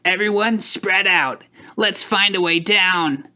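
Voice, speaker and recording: A man doing a high, bossy group leader. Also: takes it slowly, bright, forceful tone, full character voice. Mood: commanding.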